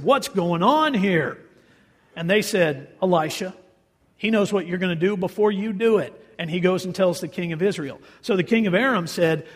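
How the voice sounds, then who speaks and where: A man delivers a sermon as pastor, his slightly raised voice carrying a husky edge. He tells the story with animation and gives the quoted people voices of their own. A long reverb trails behind him, as in a large hall. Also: high-pitched.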